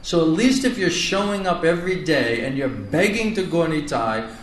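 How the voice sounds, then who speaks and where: A monk delivers a spiritual class, stretching his repeated words slowly for weight. His voice sits a little high for a man. It is recorded from a distance in a reverberant hall with a faint hum of ambience behind him. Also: animated. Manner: earnest, drawn-out emphasis on repeated words. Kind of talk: sermon. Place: lecture hall in India. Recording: echoey room from far off, faint ambience.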